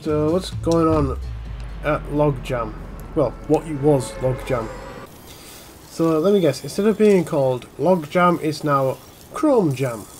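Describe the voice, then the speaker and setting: A young man giving casual, jokey commentary while playing a game, swinging between muttering and yelling. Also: fairly high pitch, takes it slowly, faint music behind. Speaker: gaming channel host.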